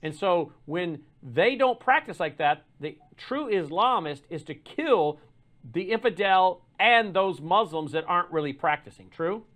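A man's voice: sits high, expressive, unhurried, fairly bright tone. A male talk show host who leads the conversation and keeps asking his guest to confirm his points. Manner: leading, asks for agreement. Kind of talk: radio talk show discussion.

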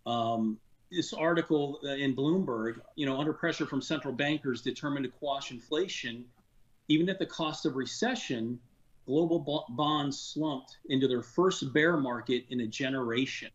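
A man's voice: medium pitch, normal speed, highs cut off. A man, a former industry insider, talking casually and earnestly on a radio show, frustrated, with many fillers and restarts. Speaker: financial advisor guest.

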